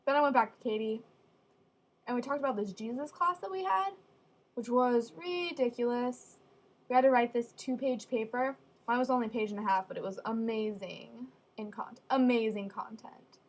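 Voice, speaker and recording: A young woman telling funny stories casually, with deadpan asides. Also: on the high side. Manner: chatty, deadpan asides, acts out quoted voices. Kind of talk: casual storytelling.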